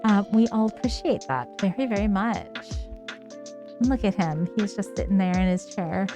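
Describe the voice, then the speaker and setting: A woman chatting casually on a live stream, laughing often and cooing at her cats in a high sing-song voice. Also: lively intonation, moderate pace, music in the background. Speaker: livestreamer.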